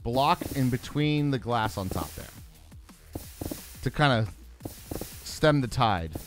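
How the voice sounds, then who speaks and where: A man's voice: medium pitch, lively intonation, slow. A man from Pennsylvania co-hosting a game stream, laid-back and joking, thanking viewers. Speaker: streamer co-host. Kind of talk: casual gameplay chat. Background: game music.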